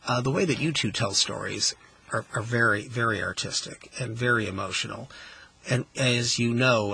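A radio host with a very husky, raspy voice that still comes across bright and forceful. He talks in an emphatic, expressive way, explaining ideas like a playful teacher on air from the studio. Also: medium pitch, low-quality recording. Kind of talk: on-air interview with students.

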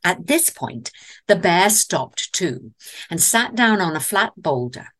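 A woman's voice: lowish voice, very animated, slow, fairly bright tone. A woman with an English accent telling a comic story in a theatrical way, with wry asides. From England.

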